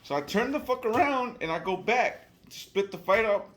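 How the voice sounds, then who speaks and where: A man casually telling a wild story, profane and animated, acting out the people he quotes. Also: high voice, normal speed, a little hiss or hum.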